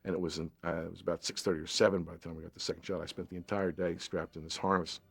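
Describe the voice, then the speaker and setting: A man's voice: sits low, little pitch movement, racing, gravelly, breathy edge. An older man, an actor, recalling a film shoot in an interview, reflective and with stammering restarts. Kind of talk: anecdotal interview.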